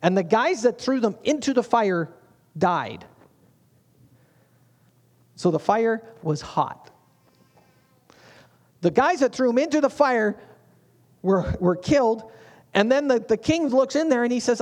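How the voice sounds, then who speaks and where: A man's voice: extremely high pitch, sing-song, slow, long pauses, a little mellow. A man preaching a sermon as a pastor, in a humorous, conversational way.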